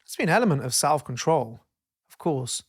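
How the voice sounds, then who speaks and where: A man co-hosting a podcast in casual chat, rambling and self-interrupting, swearing freely and getting animated when he tells stories. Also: on the high side, fairly quick. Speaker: podcast co-host.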